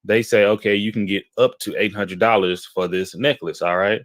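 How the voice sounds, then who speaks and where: A man from Houston, Texas, co-hosting a casual chat and telling animated, rambling anecdotes, often checking in with "okay?". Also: on the low side, moderate pace, dry recording. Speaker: podcast co-host.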